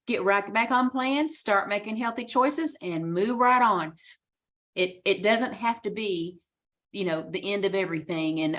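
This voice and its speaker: A woman's voice: mid-range voice, a little slow, a bit bright. A woman coach talks to a group over a video call in a mid-range voice. She is chatty and reassuring, with loose asides. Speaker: guest speaker, coach. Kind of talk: casual motivational talk on a video call.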